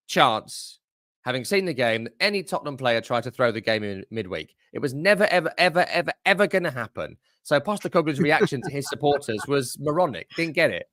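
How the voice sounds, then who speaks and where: A man, a football expert talking bets in a blunt, opinionated, brisk casual chat. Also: on the high side, fairly bright tone, no room sound, clean studio sound.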